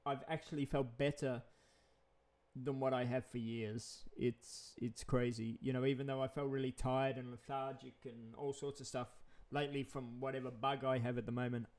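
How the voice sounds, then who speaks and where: Aussie guy rambling on in a vlog, repeats himself a lot, chuckles here and there, medium pitch. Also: little pitch movement, moderate pace, darkish tone. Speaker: vlogger. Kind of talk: casual rambling monologue.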